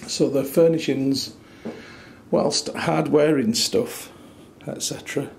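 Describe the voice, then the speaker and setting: A man's voice: mid-range voice, slow pace, vocal fry. Wry man touring a hotel room. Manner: chatty and wry, with dry asides. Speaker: travel reviewer. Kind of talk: casual hotel room walkthrough. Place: small hotel room, indoors. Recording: echoey small room with faint noise.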